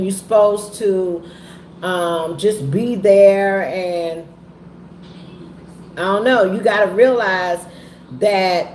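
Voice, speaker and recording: A woman talking candidly to her viewers in a halting, heavy way, often repeating herself. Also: mid-range voice. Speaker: vlogger and trucking business owner. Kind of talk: candid personal talk to viewers. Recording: echoey room with faint ambient noise.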